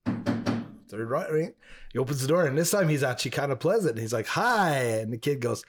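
A man in a relaxed podcast chat spins a drawn-out joke at a middling pitch. He tells it with animation and jumps into sudden loud, high-pitched character voices. His delivery is that of a practiced storyteller. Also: background noise. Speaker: podcast co-host. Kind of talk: casual chat, telling a long joke.

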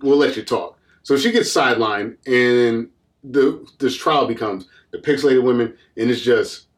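A man casually recapping an old movie on a podcast, rambling and acting out the characters in quick voices. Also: medium pitch. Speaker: podcast co-host.

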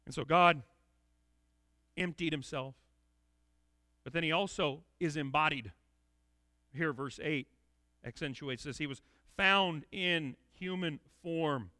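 A man's voice: fairly high pitch, sharp tone, dry recording. A man giving an expository sermon in an earnest, emphatic way, often repeating words as he restarts. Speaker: preacher.

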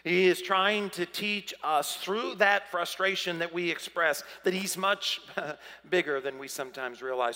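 With a fairly high, pushed, bright voice, a man delivers a sermon as pastor in an echoing hall. He dramatizes the story emphatically, performing the voices of the biblical characters.

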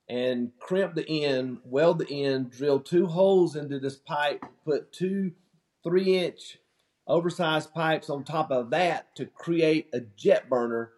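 A man talking in a relaxed, plain-spoken way, telling stories as a guest in a casual interview. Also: a little high. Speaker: company founder's son, guest.

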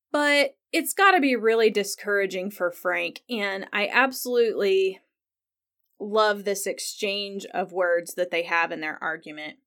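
A chatty woman with a mid-range, fairly bright voice hosts a podcast, casually recapping a TV episode. She says "like" a lot and retells the scenes with genuine feeling.

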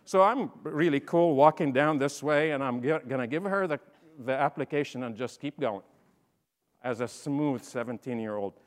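Middle-aged man, animated, humorous keynote speaker; long reverb of a large hall. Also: medium pitch, moderate pace. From Lebanon. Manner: animated, humorous, acts out dialogue. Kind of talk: storytelling talk to an audience.

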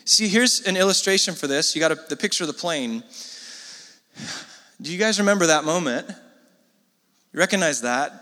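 A man preaching in a relaxed, chatty sermon style, turning to the congregation with quick asides. His voice is bright and sits fairly high, and the sound rings with the long reverb of a large hall. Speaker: pastor.

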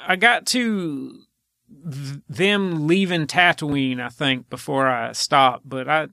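A man hosting a podcast in casual chat, telling rambling, drawn-out stories. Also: fairly high pitch, gravelly, sharp tone, dry recording, studio quality. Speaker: podcast host.

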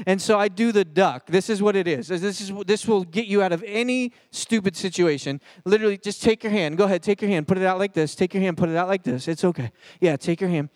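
High-voiced, lively man preaching. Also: no echo. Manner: animated, jokey, talks straight to the crowd. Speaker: pastor. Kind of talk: comedic youth sermon.

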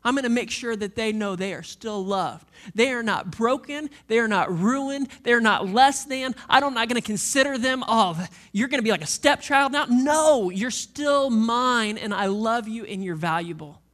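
A man in his thirties preaching a sermon as a pastor, passionate and repetitive, dropping from loud emphasis to hushed near-whispers. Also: extremely high pitch, normal speed, hardly any pauses.

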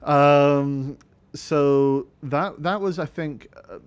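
A man's voice: a little high, drawn-out words, smooth. A Scottish man hosting a podcast in casual chat; he is sleep deprived, rambles, corrects himself and fills gaps with "um" and "uh". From Scotland. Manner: rambling, self-mocking, many fillers. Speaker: podcast host.

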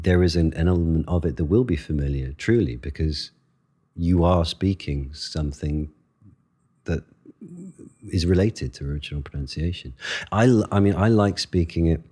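A man with an extremely deep, husky voice talks through ideas in a relaxed interview. He is thoughtful and expressive, speeding up in bursts and then slowing to pick his words. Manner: thoughtful, expressive, quick bursts between pauses. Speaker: actor and guest. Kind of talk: conversational interview answers.

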